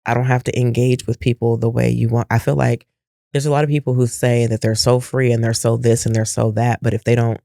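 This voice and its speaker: A man's voice: medium pitch, little pitch movement, fairly quick, creaky, dark tone, no echo, clean studio sound. A middle-aged man co-hosting a casual podcast chat, reflective and emphatic, firing off rhetorical questions. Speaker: podcast co-host.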